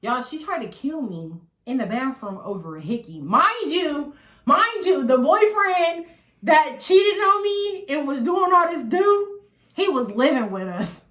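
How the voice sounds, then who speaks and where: A woman in her twenties, a vlogger telling a personal story in a chatty, animated way, swearing freely and talking straight to her viewers. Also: high voice, normal speed. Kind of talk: casual storytelling to the camera. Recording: echoey room.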